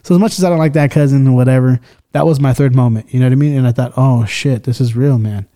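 A man's voice: mid-range voice, fairly even intonation, rapid-fire, warm tone. A man hosting a podcast in casual chat, loose and swearing often as he tells stories and acts out the people in them. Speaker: podcast host.

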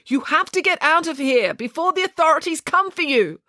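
A woman's voice: fairly low pitch, sing-song, fairly bright tone, no room sound, clean studio sound. A woman doing a bossy, scheming pig nanny. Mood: brisk commanding. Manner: brisk, commanding, scheming.

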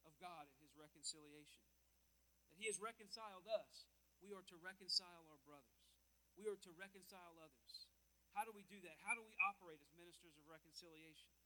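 A man preaching with a high, sharply cutting voice. He drives each point home with emphasis and repeats words as he goes. He moves around the church and calls out to the congregation. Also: pushed and bright, poor audio. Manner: walks about, calls out to listeners. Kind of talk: sermon.

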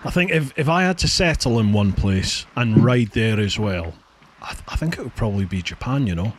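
A man with a Scottish accent hosting a podcast, telling stories in a relaxed, chatty way. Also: on the low side, a little fast, a little hiss or hum. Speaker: podcast host. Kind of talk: casual chat.

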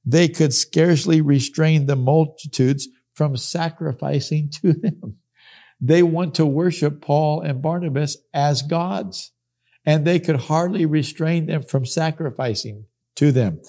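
A man's voice: on the high side, a little slow, dark tone. A middle-aged man teaching a sermon on Bible verses, emphatic, repeating key phrases and acting out the people he quotes.

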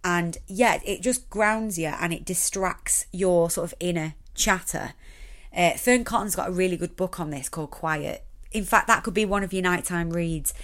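A woman's voice: lowish voice, moderate pace, fairly bright tone. A young woman chatting casually and rambling, then talking listeners through a relaxation exercise. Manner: chatty, rambling, many fillers. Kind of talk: casual chat and guided relaxation.

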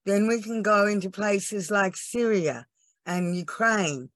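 A woman's voice: mid-range voice, takes it slowly, fairly bright tone, no echo. A woman, a laughter yoga trainer, telling her story on a podcast in an earnest, emotional way, teary at times. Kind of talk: podcast interview.

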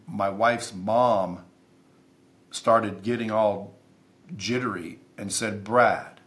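A man's voice: on the low side, a bit bright. A man who is a podcast guest, telling stories in an emphatic, intense way and swearing freely. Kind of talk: casual interview storytelling.

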